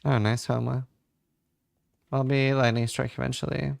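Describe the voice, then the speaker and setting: Gravelly, chatty Norwegian-born man. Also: medium pitch, level tone, normal speed. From Norway. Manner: chatty, reads viewer questions aloud, swears casually. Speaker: livestreamer. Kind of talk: casual chat with viewers while gaming.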